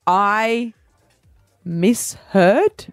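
A woman's voice: medium pitch, very slow, clean tone, dry recording, faint music behind. A woman co-hosting a radio show, bantering casually in a playful, giggly way. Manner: playful, giggly, animated storytelling.

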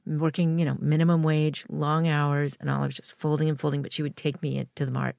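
A middle-aged woman with a low, gravelly voice tells a long story in an interview. She acts out the people in it as she goes. The recording is dry and close. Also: level tone, a little fast, a little mellow, dry recording. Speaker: guest.

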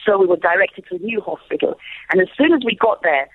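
A woman guest telling a story in an animated way, often repeating words, over a tinny phone line. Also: mid-range voice, fast, husky. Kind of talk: lively storytelling on a call.

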